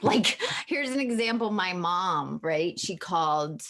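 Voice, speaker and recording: A woman's voice: on the low side, expressive, measured pace, fairly bright tone. A woman author speaking candidly as an interview guest, emotional and searching, often restarting her sentences.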